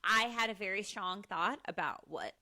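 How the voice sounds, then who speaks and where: A woman co-hosting a podcast in casual chat, eager and quick to agree. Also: medium pitch, animated, bright, forceful tone. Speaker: podcast co-host.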